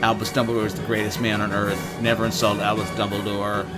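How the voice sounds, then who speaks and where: A man voicing a huge, fiercely loyal male groundskeeper, lower and gruffer than his own voice, blustering. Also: flat delivery, fast, over loud music, close to an everyday voice.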